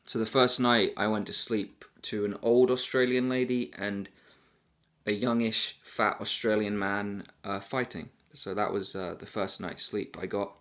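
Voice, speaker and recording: A man's voice: lowish voice, steady tone, a little slow, a bit bright. A man telling a travel story casually to camera. He rambles and pokes fun at himself, with lots of fillers. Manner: rambling, self-deprecating, many fillers. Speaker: travel vlogger.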